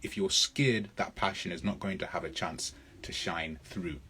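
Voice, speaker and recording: A man leads a live public speaking lesson, working through viewer questions. His voice sits low and sounds husky, and he hits key words hard and repeats his points. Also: moderate pace, bright, forceful tone. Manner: emphatic, answers viewer comments, repeats points.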